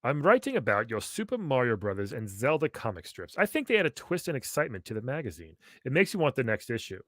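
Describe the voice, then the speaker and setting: A man's voice: mid-range voice, sing-song, quick pace, no echo, studio quality. A man co-hosting a comedy chat, reading old magazine text aloud and teasing it with wry remarks. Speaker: podcast co-host.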